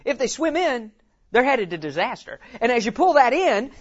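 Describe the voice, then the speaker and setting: A man giving an animated teaching talk at a conference. He tells it like a story, acts out quotes and often says "you know". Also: very high-pitched, normal speed, muffled recording. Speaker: conference speaker.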